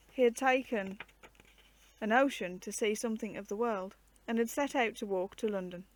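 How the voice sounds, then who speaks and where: A woman reading a storybook aloud in a steady, measured narration. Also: fairly high pitch, no room sound.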